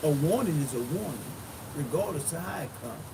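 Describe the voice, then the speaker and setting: A pastor giving a loose, emphatic sermon recap, blunt and repetitive. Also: male voice, a little high, animated, a little fast, creaky. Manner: emphatic, repetitive, blunt street-style preaching. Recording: distant mic with noisy background.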